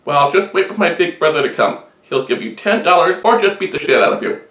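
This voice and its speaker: A man's voice: on the high side, animated, a little fast, a bit bright, voice pushed up. A cocky billy goat talks his way out of paying, played by a man telling a joke. He bluffs with easy confidence. The recording has a noticeable room echo. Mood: bluffing. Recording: roomy echo.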